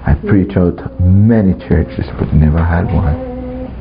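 A man's voice: low-pitched, wildly swooping pitch, takes it slowly, vocal fry, over music. A man preaching a testimony sermon to a congregation, telling his story and laughing often. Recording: muffled recording with faint ambience.

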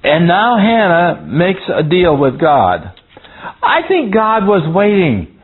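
A man's voice: high-pitched, wildly swooping pitch, slow. A man teaching a Bible class, telling a rambling story with frequent chuckles and restarts. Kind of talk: folksy storytelling sermon. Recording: tinny phone-like sound.

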